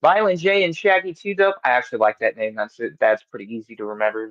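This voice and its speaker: A man's voice: mid-range voice, lively intonation, moderate pace, hardly any pauses, fairly bright tone, no echo, dull audio. A man hosting a wrestling podcast in a studio, talking bluntly and mockingly with plenty of swearing. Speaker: podcast host. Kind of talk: casual chat.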